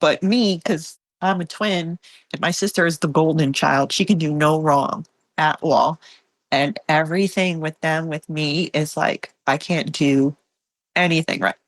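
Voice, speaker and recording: A woman guest with a fairly low voice, speaking candidly and emotionally in a rambling way. Her talk is full of fillers and restarts. The sound is dry and close, with no room echo. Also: a little slow. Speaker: podcast guest. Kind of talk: candid personal conversation.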